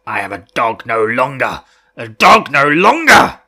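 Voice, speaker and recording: Deranged male villain, cackling menace, strained and wide-ranging in pitch; a man puts him on for a reading. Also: expressive, a little slow, pushed and bright, exaggerated voice. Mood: raving. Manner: snarling, raving. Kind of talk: dramatic book reading.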